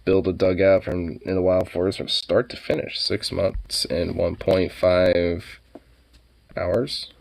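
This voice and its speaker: A young man vlogging in a casual, rambling way who coos at his dog in high baby talk. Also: little pitch movement, takes it slowly, gravelly, a little mellow, a little hiss or hum. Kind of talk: casual chat.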